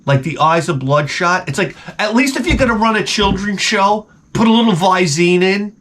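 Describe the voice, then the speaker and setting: Male vlog host with a slightly high voice, rambling and exasperated, swears freely and restarts his sentences. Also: expressive, normal speed, a bit bright, a little hiss or hum. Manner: profane, digressive and exasperated; often repeats and restarts words. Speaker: video host. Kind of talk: rambling comedic rant.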